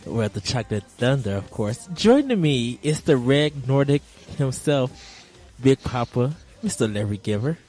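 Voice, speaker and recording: A man's voice: medium pitch, sing-song, normal speed, a little mellow, faint music behind. A man hosting a casual gaming podcast, rambling along with frequent ums and uhs. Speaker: podcast host.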